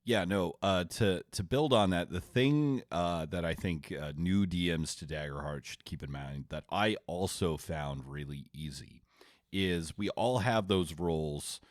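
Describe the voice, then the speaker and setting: A man's voice: low voice, a little slow, dry recording, studio quality. A man co-hosting a tabletop gaming podcast, asking questions and steering the conversation. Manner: asks questions, guides the conversation. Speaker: podcast co-host. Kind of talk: casual podcast chat.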